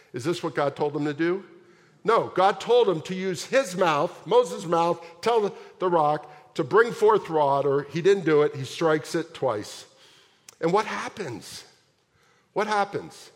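A man preaching a sermon as pastor, telling the story in a lively way and asking his congregation question after question. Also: fairly high pitch. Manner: animated storytelling with rhetorical questions. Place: large church sanctuary. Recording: long hall reverb.

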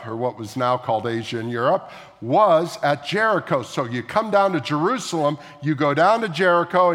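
A man's voice: fairly high pitch, a bit bright. A man preaching a sermon as a pastor, talking through scripture in a conversational way, with frequent asides and questions to the listeners. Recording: long hall reverb.

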